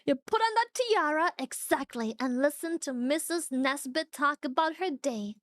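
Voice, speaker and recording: Woman, young, streamer, high-pitched, animated, swears a lot, laughs often, dry close sound. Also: moderate pace, no room sound. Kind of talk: casual chat reacting to viewers.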